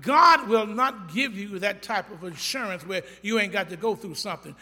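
A man preaching a sermon in a church, blunt and folksy, talking straight to the congregation and building to emphatic shouts. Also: high-pitched, normal speed, few pauses, slightly rough. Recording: echoey church hall.

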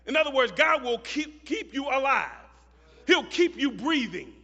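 Preacher man, really high bright voice, repeats himself and builds to shouting, long hall echo, muffled sound. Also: sing-song, a little slow. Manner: builds to shouted, chanted hymn lines; repeats phrases for emphasis. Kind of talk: sermon. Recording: muffled recording in a reverberant hall.

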